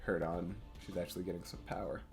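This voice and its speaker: A man's voice: low-pitched, level tone, fast, a little mellow, soft background music. A man casually commenting on a game he plays and reading its story aloud, hyping himself up to his viewers. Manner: casual, hype, talks to viewers as boys. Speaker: let's play host.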